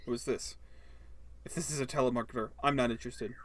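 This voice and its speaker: A man's voice: medium pitch, fairly even intonation, fast talker, a bit bright, natural voice. A man voicing a stubborn, grumpy middle-aged homeowner who talks in a curt, dismissive way. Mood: gruff, curt.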